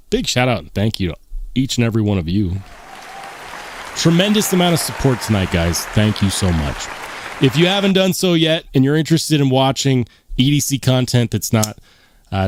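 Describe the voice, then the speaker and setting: A man's voice: mid-range voice, darkish tone, dry recording. A man hosting a live stream, chatting casually and rambling to his viewers, calling them guys. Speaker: livestream host.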